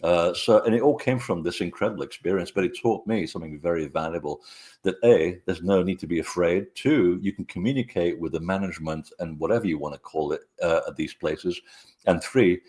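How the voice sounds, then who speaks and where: Man, very deep voice, middle-aged, interview guest, hesitant storytelling. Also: brisk, darkish tone. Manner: rambling, hesitant with frequent fillers. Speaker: author guest.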